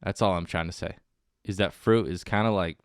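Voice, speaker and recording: A man's voice: low-pitched, brisk, dry recording, clean studio sound. A man hosting a casual solo podcast, rambling and joking at his own expense, wired on coffee. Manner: rambling, self-mocking and jokey. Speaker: podcast host.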